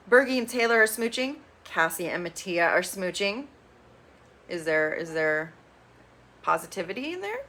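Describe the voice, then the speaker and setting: A woman giving a casual, gossipy recap of a reality TV show, blunt and opinionated, swearing freely. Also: medium pitch. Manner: chatty, gossipy storytelling with bursts of excitement.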